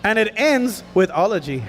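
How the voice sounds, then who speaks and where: A man presenting a lively children's stage show at a festival, playful and hammy, rousing the crowd of kids. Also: high voice, a little slow, very noisy. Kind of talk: energetic kids' stage show.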